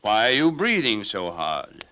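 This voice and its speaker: A man's voice: lowish voice, wildly swooping pitch, unhurried, sharp tone, heavily acted. A man voicing a cheerful old donkey who talks in a jaunty, encouraging way.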